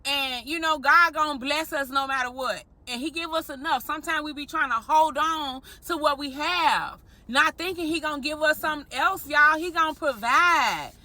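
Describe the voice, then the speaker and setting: A married woman telling an animated story straight to her viewers in a vlog, often calling them y'all. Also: high voice, normal speed, few pauses, no room sound. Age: adult, married. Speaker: vlogger.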